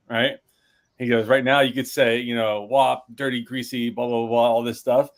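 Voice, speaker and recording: A man's voice: medium pitch, level tone, a little fast. A man co-hosting a casual podcast, telling stories in a rambling, hesitant way. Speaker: podcast co-host. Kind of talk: casual chat.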